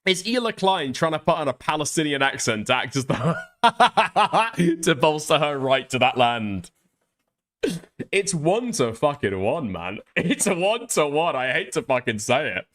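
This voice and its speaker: A man's voice: a little high, very animated, measured pace, fairly bright tone. A man reacting to clips on stream, sarcastic and swearing constantly. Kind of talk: profane reaction commentary.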